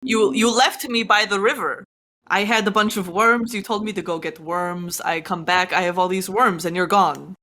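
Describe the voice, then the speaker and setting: A woman playing an aggrieved young man who complains, in a deadpan way, about being abandoned by his sibling. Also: mid-range voice, normal speed, a little hiss or hum, close to an everyday voice. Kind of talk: tabletop game role-play.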